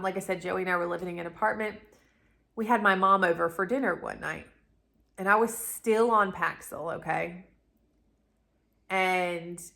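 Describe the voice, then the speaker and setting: A woman's voice: lowish voice, creaky, sharp tone. A woman, telling a personal story to camera in a chatty, rambling way. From Southern United States. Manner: chatty, rambling, addresses viewers as y'all. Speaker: vlogger, channel host.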